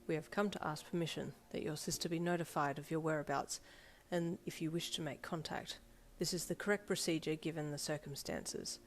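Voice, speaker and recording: A woman's voice: deep voice, steady tone, a little fast, a little hiss or hum. Woman reading as a stiffly formal, earnest teenage boy. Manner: stiff, formal, polite wording.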